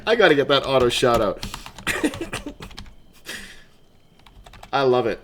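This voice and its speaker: Chatty, animated man streaming games. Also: mid-range voice, unhurried, pauses often, noisy background. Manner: chatty, laughs often, greets chat by name. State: wired on coffee. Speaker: livestream gamer. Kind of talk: casual livestream chat.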